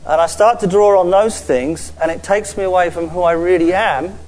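A man preaching a sermon to a church audience, earnest and halting, restarting and repeating words, and slowing down to stress key phrases. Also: high voice, a little mellow, rough recording. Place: church gathering with a screen before an audience.

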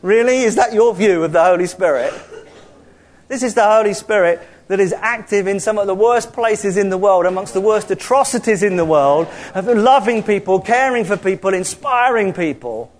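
Brief: male preacher, high voice, animated sermon with humor. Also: moderate pace. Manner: animated, jokey preaching with mocking put-on voices.

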